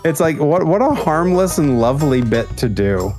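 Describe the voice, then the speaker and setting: A man's voice: fairly high pitch, sing-song, moderate pace, a little mellow. A young man streaming a co-op game, telling stories in a chatty way and slipping into mimicked voices. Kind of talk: casual chat while gaming. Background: game music.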